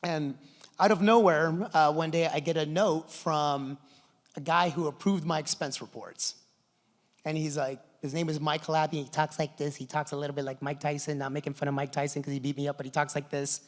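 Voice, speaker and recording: A middle-aged man speaking from a conference stage, telling stories with lively enthusiasm. His voice sits somewhat high for a man. A long reverb from the large hall trails every phrase. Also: a little fast. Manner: enthusiastic storytelling, animated. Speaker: conference presenter. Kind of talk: conference keynote talk.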